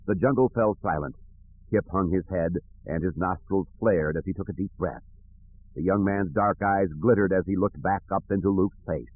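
A man narrating an audiobook in a steady, even reading voice. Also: low voice, normal speed, no echo. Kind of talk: scripted narration. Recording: tinny phone-like audio.

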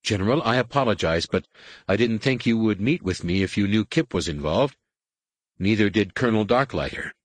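A man's voice: lowish voice, animated, normal speed, dry recording. A man voicing an earnest, pleading young woman pilot in an audiobook.

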